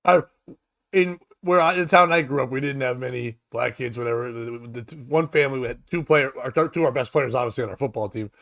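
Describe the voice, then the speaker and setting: A man's voice: medium pitch, fast talker, creaky, a bit bright. A man hosting a casual comedy talk show, rambling and profane as he jokes his way through news stories. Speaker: podcast host.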